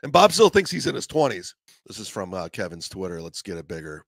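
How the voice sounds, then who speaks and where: A man hosting a comedy podcast, telling a profane, animated story in a casual way and acting out the voices of others. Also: sits low, brisk, gravelly, a little hiss or hum.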